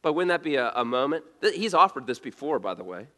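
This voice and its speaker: A man's voice: mid-range voice, very animated, quick pace, bright, forceful tone. A male pastor preaching a sermon in a conversational way, asking rhetorical questions and often restarting his words.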